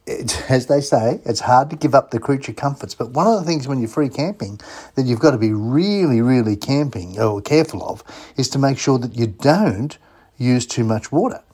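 Husky Australian man plugging sponsors. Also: medium pitch, expressive, normal speed, a little mellow. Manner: chatty, spells out web addresses. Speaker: radio host. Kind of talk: casual chat with sponsor plugs.

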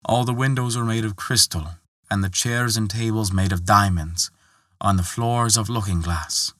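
A man tells an old folktale in a bright, forceful voice, pitched on the low side. The sound is close and dry, with no room around it. He reads with expression and lets the story carry him along. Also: moderate pace, no echo. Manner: expressive, lifts pitch for quoted characters. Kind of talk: scripted folktale narration.

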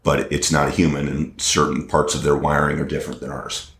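A man working as a dog trainer, talking through his experience in an interview. He pauses often and fills gaps with "uh" and restarts. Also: rumbling low, monotone, fairly bright tone. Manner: hesitant, many fillers and restarts. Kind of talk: conversational interview. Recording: roomy echo.

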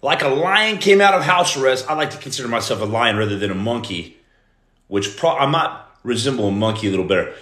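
A man in his forties hosting a casual live stream, greeting viewers by name and breaking into loud outbursts. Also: mid-range voice, animated, brisk. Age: 40s. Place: room at home. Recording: echoey room.

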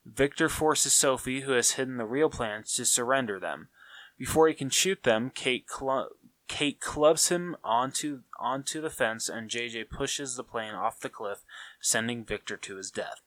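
Podcast co-host, male, bright crisp voice, dry mic, casual movie talk. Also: medium pitch, measured pace, dry recording. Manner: steady recap reading with small stumbles. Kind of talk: reading a plot summary, then casual chat.

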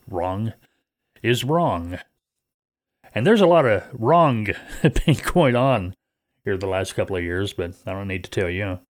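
A man's voice: lowish voice, no echo. Folksy man hosting a trucking podcast. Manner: rambling, folksy, many fillers and restarts. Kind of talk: casual podcast talk.

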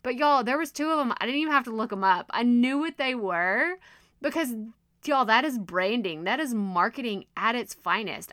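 A woman hosting her own podcast, teaching in a chatty, animated, self-deprecating way, with her voice strained and going hoarse. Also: a little high, dry recording, studio quality. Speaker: podcast host and coach. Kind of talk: casual solo podcast teaching.

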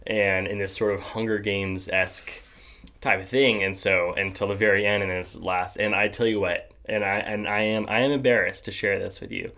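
A man's voice: lowish voice, fairly even intonation, brisk, creaky, sharp tone. A young adult man hosting a podcast in casual chat, rambling with many fillers and restarts and laughing often. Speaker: podcast host.

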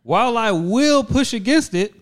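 A man's voice: very high-pitched, lively intonation, moderate pace. A man co-hosting a podcast in casual, profane banter, blunt and emphatic. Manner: blunt and emphatic, with repeated slang. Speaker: podcast co-host.

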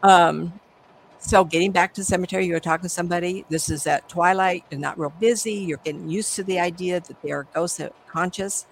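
A woman's voice: lowish voice, fairly even intonation, fairly quick, gravelly, a little hiss or hum, rough recording. A middle-aged woman, a psychic medium, telling stories animatedly in an interview and acting out the voices. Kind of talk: conversational interview storytelling.

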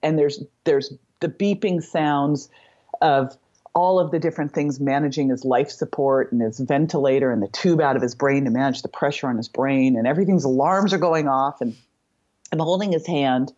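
Low husky middle-aged woman storyteller. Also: moderate pace, dark tone, muffled recording. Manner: vivid storyteller who acts out quoted dialogue. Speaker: podcast guest. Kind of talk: emotional personal storytelling in an interview.

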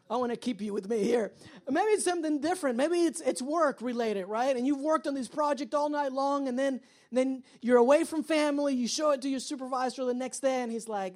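A woman delivers a sermon in a fairly high voice. She talks to the congregation directly and acts out the people in her stories with plenty of energy. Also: moderate pace. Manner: animated storytelling, acts out quoted voices. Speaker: pastor. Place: church.

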